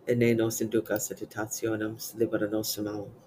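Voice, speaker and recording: A man with a fairly low voice recites psalms and prayers in an even, measured cadence. His reading is unhurried and devotional. A faint hiss sits under the recording. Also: rough recording. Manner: steady measured chanting-like recitation. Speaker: prayer reader.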